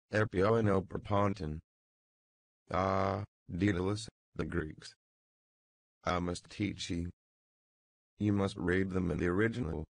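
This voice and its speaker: A brash young man full of mockery and gaiety, read by a male audiobook narrator. The delivery stays low and unhurried, with a gravelly edge. The sound is dry and close. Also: no room sound, full character voice. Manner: brisk, gay, teasing. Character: jaunty mocking young man, brash joker.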